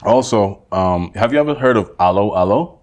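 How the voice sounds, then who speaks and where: A man's voice: fairly low pitch, lively intonation, moderate pace, a little mellow. A man co-hosting a casual podcast chat, telling rambling stories and backing his partner up with a stream of "yeah, yeah.". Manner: rambling storytelling, constant "yeah yeah" backchannels. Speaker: podcast co-host.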